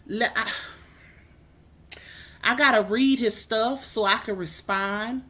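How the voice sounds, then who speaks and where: Sassy livestreaming woman, slightly high voice. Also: takes it slowly. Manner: sassy, animated, calls viewers "baby" and "y'all". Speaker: livestream host. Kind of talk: casual livestream chat. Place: home kitchen.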